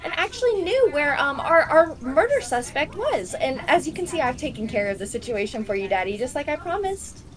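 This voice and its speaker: A woman playing a princess in a tabletop game, sweetly eager and bright, with rising lilts. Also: sits high, very animated, fairly quick, hardly any pauses, rough recording. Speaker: player.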